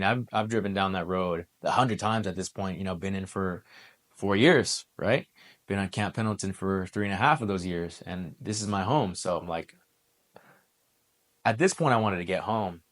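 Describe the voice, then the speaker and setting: A man in his twenties, a former Marine, telling a personal story in a relaxed, conversational way, full of military slang. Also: fairly low pitch. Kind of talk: casual storytelling monologue.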